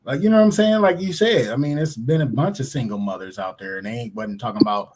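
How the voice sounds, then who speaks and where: A man's voice: medium pitch, fast, poor audio. A man co-hosting a casual podcast, talking bluntly with lots of slang and swearing. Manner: blunt, animated, heavy slang and profanity. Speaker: podcast co-host. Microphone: remote stream mic.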